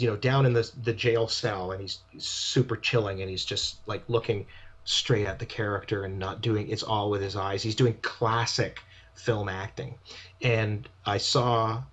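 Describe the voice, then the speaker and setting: Male actor guest in a casual interview, mid-pitched and meandering, with a dull lo-fi recording. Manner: rambling, trailing off and restarting mid-thought. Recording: dull lo-fi sound.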